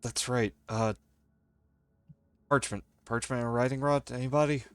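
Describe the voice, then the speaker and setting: A man's voice: mid-range voice, fairly even intonation, measured pace, clean tone, dry recording. A man chatting casually as a player in a tabletop game.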